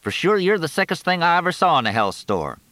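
A grumbling, needling undertaker voiced by a man reading a story, his voice pitched somewhat above the reader's own. Lively pitch swings and a bright, forceful tone. The room is dry and close. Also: brisk, no echo. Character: wheedling, grumbling undertaker man, middle-aged.

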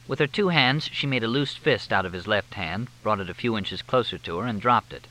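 A man narrating a novel in measured, even storytelling. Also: on the low side, rough recording. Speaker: audiobook narrator. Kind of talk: scripted narration.

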